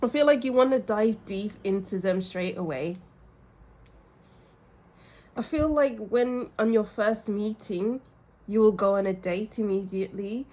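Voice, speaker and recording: Woman, tarot reader, casual reading, slow pace, mid-pitched, emotional, laughs a lot. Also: darkish tone. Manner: effusive, emotional, laughs often, talks straight to viewer. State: teary at times.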